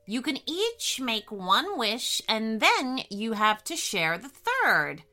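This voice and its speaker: A touchy magical toadstool mushroom from a children's storybook, as a woman puts it on. The voice is bright and lively and the words come slowly. It is indignant but keen to grant wishes. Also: fairly high pitch, faint music behind, exaggerated voice. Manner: indignant then generous, a storybook voice.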